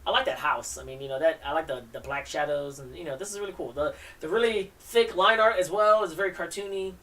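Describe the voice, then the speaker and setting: A woman's voice: deep voice, quick pace, a bit bright, recorded from a distance. A woman hosting a live stream, reading comics aloud in a rambling, enthusiastic way and laughing often.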